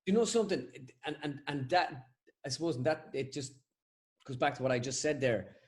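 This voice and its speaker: A man's voice: fairly high pitch, slightly rough. An Irish man, a comedian and impressionist, chatting casually as a podcast guest and acting out quotes as he tells stories. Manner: rapid, storytelling, acts out quotes.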